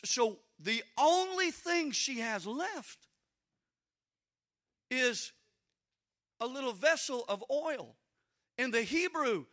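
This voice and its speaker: A man preaching a sermon with emphatic delivery, building to shouted peaks and dropping into quiet asides. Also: very high voice.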